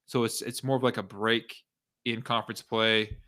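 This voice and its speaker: A young man co-hosting a casual sports podcast, laid-back and quick to laugh. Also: lowish voice, little pitch movement, pushed and bright. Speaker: podcast co-host.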